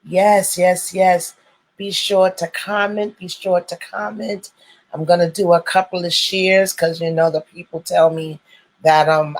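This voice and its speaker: A woman's voice: lowish voice, low-quality recording. A woman hosting her own live stream, greeting viewers over and over in churchy, welcoming phrases. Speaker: host of a live stream show.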